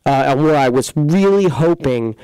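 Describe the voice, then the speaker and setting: A man talks in a relaxed, rambling way, pitching his repair shop and drifting into everyday stories. His voice is smooth and clear at a middle pitch. The studio sound is dry and close. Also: moderate pace, no room sound, poor audio. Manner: rambling, filler-heavy, folksy sales talk. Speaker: computer repair shop host. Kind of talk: casual local radio-style talk show.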